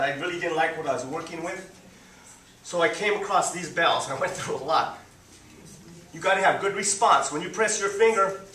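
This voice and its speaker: A man teaching a group how to guide visually impaired students, repeating "boom" to mark each point as he demonstrates. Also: pushed and bright, slight background noise. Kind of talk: live demonstration talk. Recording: echoey room, speaker far from mic.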